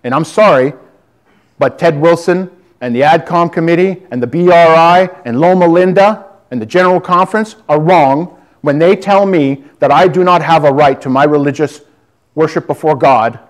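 Defiant lay preacher, male, fervent, slightly raised pitch. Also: normal speed. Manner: fervent, defiant, addresses listeners as brother and sister. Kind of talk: preaching to a congregation. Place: church hall with audience.

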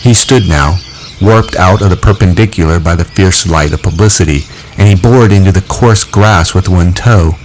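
A man narrating a novel aloud in a measured, expressive reading. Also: deep voice, a little hiss or hum, low-quality recording. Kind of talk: audiobook reading.

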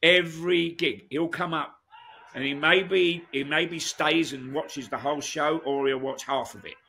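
A man's voice: a little high, steady tone, a little slow, vocal fry, bright, forceful tone, slight background noise. A man, a guest musician telling rambling stories in a casual interview, full of restarts and asides.

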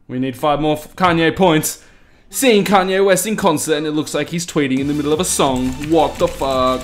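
A man giving casual, jokey let's-play commentary, swearing freely and reading lines aloud in mock-dramatic bursts while typing on a loud mechanical keyboard. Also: fairly high pitch, normal speed, faint music behind. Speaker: gaming YouTuber. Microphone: desk mic beside a loud mechanical keyboard.

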